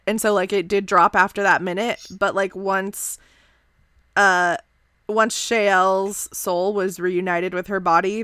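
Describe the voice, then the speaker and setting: Slow-talking bright-voiced woman game master. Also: mid-range voice, no room sound, studio quality. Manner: relaxed, filler-heavy, giggly. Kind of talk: narrating a tabletop game.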